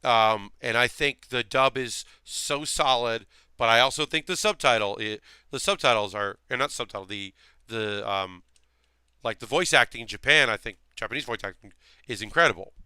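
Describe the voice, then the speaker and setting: A man chats casually on his stream while he builds a model kit. His voice is bright and crisp, recorded close and dry. He rambles, trailing off and restarting often. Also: medium pitch, normal speed, dry recording. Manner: rambling, many fillers and restarts.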